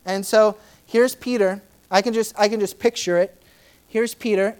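A woman preaching a sermon in a conversational way, with many fillers, who acts out Bible scenes with sudden loud, high outbursts. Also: steady tone, normal speed, clear, resonant tone. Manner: dramatic, acting out Bible scenes in shifting voices.

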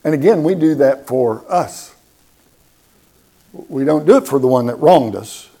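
A man's voice: mid-range voice, animated, measured pace, mellow. A man preaching a sermon, emphatic and repeating words for stress, asking the congregation questions.

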